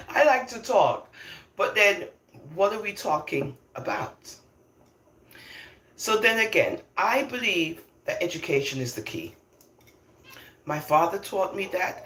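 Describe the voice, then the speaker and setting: Older lady ranting on her vlog, bright lively voice, laughs a lot, echoey room. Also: lowish voice. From London, England. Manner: emphatic, animated, laughs often between points. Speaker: vlogger. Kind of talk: opinionated casual monologue. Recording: roomy echo.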